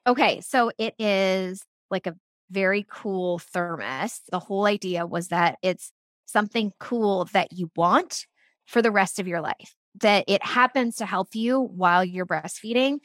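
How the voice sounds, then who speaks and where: A woman's voice: medium pitch, unhurried, a bit bright, dry recording, clean studio sound. A middle-aged woman talking casually as an interview guest, telling stories with laughs and restarts. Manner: chatty storytelling with laughs and restarts. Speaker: guest, product founder.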